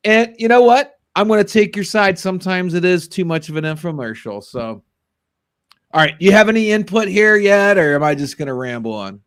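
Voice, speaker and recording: Animated sports podcast host, man. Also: sits high, clear, resonant tone. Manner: animated, rambling, quick to laugh. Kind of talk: casual sports talk.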